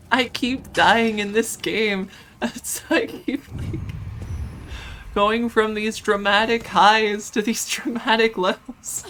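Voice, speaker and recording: Slow, flustered woman streamer. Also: on the high side, a bit bright. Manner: halting and flustered, often restarting and laughing. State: emotionally overwhelmed. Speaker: game streamer. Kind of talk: casual live-stream chat. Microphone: streaming microphone.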